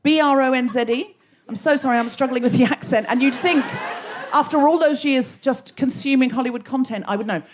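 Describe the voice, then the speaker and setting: A woman's voice: high-pitched, brisk, crowd noise, background noise. An Australian woman hosting a live comedy podcast, laughing and riffing with the audience from a theatre stage. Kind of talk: live stand-up crowd work.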